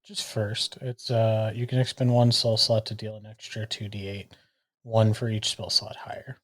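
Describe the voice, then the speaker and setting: A man's voice: fairly low pitch, little pitch movement, normal speed, a bit bright. A man playing in a tabletop game, checking the rules and eager to attack. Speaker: player. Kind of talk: tabletop game play, casual chat.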